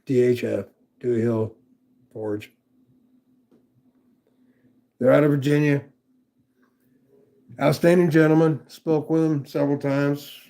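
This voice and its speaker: A man with a gravelly, rough-edged voice rambles through a casual knife review on a live stream. He swears freely and keeps breaking off to greet viewers by name. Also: medium pitch, mellow. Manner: rambling, profane, chatty with viewers. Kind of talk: casual livestream chat.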